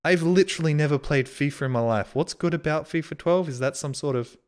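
A man's voice: a little high, a little fast. A man streaming live, reading out viewer donations and messages in casual, self-mocking, sarcastic banter.

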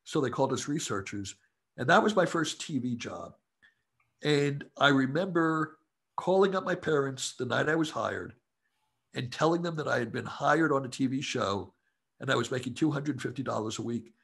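A man, a comedy writer, telling relaxed anecdotes as a guest in an interview. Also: medium pitch, moderate pace, creaky, breathy edge. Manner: relaxed anecdotal storyteller who acts out quotes. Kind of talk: casual storytelling interview.

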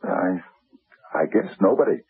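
A man's voice: low-pitched, animated, a little slow, vocal fry, breathy edge, exaggerated voice. A stammering, panicky bewildered man. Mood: frightened. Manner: stammering, panicky, muttering to himself. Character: frightened, bewildered middle-aged man hearing voices. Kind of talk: 1970s radio drama acting. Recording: tinny old radio broadcast.

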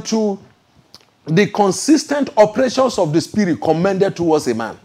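A male preacher with a notably high-pitched voice, delivering a sermon full of prophetic declarations. He talks emphatically, keeps addressing the congregation and checking that they follow, and alternates quick bursts with slow, stretched-out pronouncements. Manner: emphatic, repeats "ladies and gentlemen", asks the crowd if they follow; swings between fast rushes and slow drawn-out proclamations.

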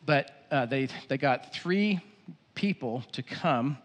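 A male pastor preaching in a church venue, emphatic and repetitive, dropping into a quicker, lower storytelling tone at times. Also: animated, long reverb tail. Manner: emphatic preaching with repeated phrases, drops low and quick for storytelling. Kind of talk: sermon.

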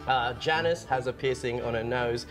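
A man telling crude jokes in casual banter. He fills his pauses with "uh" and voices the jokes' characters. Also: mid-range voice, over music. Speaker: joke-telling podcast co-host.

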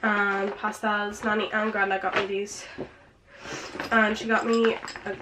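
A woman's voice: medium pitch, level tone, a little slow, noisy background. A teenage woman chatting through a present haul, out of breath, saying "like" and "um" constantly. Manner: chatty, filler-heavy, lots of "like" and "um". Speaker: vlogger. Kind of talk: casual present haul vlog. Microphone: camera with ring light.

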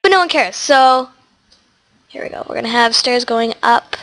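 High-voiced teen girl, sniffly. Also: moderate pace, a bit bright. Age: teens. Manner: chatty, rambling, talks to animals in game. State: stuffy with sniffles. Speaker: gaming channel host. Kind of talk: casual gameplay tutorial chat.

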